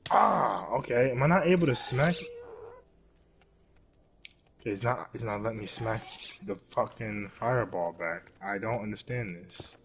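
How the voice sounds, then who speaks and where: A young man giving live gameplay commentary as a streamer, excitable, yelping and swearing at the game. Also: lowish voice, measured pace, creaky, long pauses, slight background noise. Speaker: gaming streamer.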